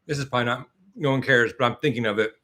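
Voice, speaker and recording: A man's voice: medium pitch, rapid-fire, pushed and bright. Rambling, laughing man host. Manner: rambling, laughing, acts out lines. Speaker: live stream host. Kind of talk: casual chat. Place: home in Los Angeles.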